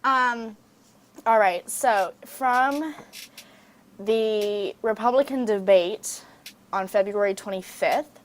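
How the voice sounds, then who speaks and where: A woman's voice: medium pitch, slow pace, long pauses, slight background noise. A woman with a Southern US accent hosting a podcast in casual chat, profane and rambling with lots of ums. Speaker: podcast host.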